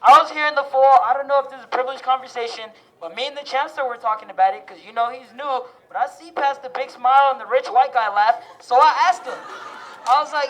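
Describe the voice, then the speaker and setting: A young man with a fairly high voice works up a protest crowd outdoors. He talks loud, casual and streetwise, calling out to the listeners and telling stories in a fired-up way. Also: quick pace, low-quality recording. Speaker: student protest speaker. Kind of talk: fired-up rally speech.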